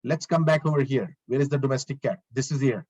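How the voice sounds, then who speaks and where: Speaking fast in a mid-range, slightly mellow voice, a male lecturer gives a live online coding lesson. He narrates each step as he works, repeats his phrases and poses questions to the class. The audio sounds dull.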